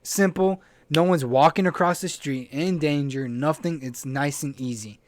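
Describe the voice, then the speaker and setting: A man's voice: fairly high pitch, moderate pace, dry recording. Blunt, profane young man venting. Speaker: podcast co-host. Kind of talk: casual chat.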